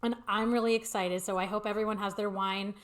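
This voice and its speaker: A woman's voice: mid-range voice, fairly even intonation, brisk. A woman hosting a casual live-streamed chat show from her apartment, chatty and a little flustered, her voice tinny and echoey through a home computer microphone. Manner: chatty, flustered by audio problems, laughing. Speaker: podcast host. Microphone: computer microphone on a video call.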